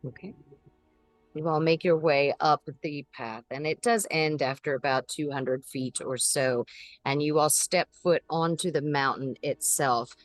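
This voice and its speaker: A woman running a tabletop game speaks in a low, unhurried voice. She narrates in a relaxed way with occasional ums, close and dry on the mic, with faint music behind her. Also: no echo. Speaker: game master.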